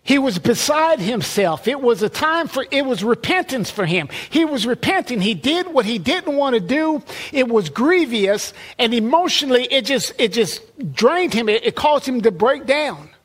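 A man's voice: extremely high pitch, sing-song, normal speed, few pauses, fairly bright tone. A man preaching a sermon in a conversational way, often repeating words and restarting phrases.

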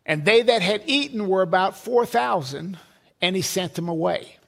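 A man's voice: sits high, lively intonation, moderate pace, creaky, fairly bright tone. A man preaching a sermon, emphatic, repeating words and building lists.

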